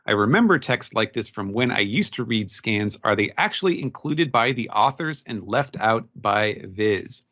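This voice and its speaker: A man's voice: on the low side, expressive, normal speed, few pauses, a bit bright, lo-fi sound. A man co-hosting a podcast, explaining at length in casual chat, full of fillers and restarts. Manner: rambling, many fillers and restarts. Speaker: podcast co-host.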